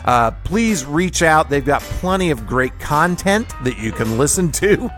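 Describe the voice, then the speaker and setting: A man from the Kansas City area hosting his own radio show, telling a personal story in an animated, chuckling way. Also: fairly high pitch, measured pace, faint music behind. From Kansas City area, USA. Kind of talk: solo storytelling monologue.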